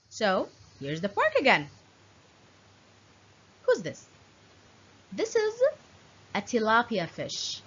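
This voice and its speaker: A woman teaching young children, her voice swooping widely up and down in a sing-song way with playful animal sounds. She speaks slowly, with a slightly husky, breathy tone. The recording is a bit dull and lo-fi. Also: mid-range voice, fairly bright tone. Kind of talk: children's lesson.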